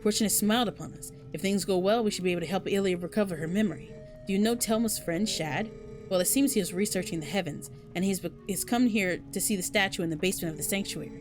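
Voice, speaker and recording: A woman reading as a calm village shaman. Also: medium pitch, natural voice.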